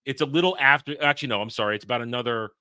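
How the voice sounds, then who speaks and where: A man with a bright, forceful voice and an opinionated, emphatic way of talking. He hosts a casual film review chat, recorded dry and close. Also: medium pitch, racing, clear, resonant tone, dry recording. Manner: opinionated, animated, emphatic rants. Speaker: podcast host reviewing a film.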